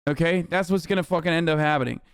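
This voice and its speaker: Male streamer, heated and foul-mouthed, slightly higher voice, talking to chat. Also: normal speed, smooth, no room sound, studio quality. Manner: profane, heated, sarcastic. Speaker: streamer reacting to news. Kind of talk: angry political rant to chat.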